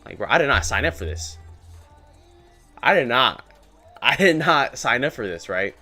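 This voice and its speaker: Young male day trader streaming live, loose slangy chatter, voice bouncing up and down, quiet music under him. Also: medium pitch, big pitch swings, moderate pace. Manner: slangy, rambling, keeps saying bro. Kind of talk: casual live-stream chat. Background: faint music playing.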